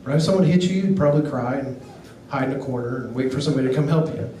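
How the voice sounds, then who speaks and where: A middle-aged man doing a stand-up comedy set, telling stories in a deadpan way and acting out quotes. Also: mid-range voice, racing, slight background noise. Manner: deadpan storytelling with acted quotes. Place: comedy club stage. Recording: echoey club, picked up from far off. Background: audience laughter.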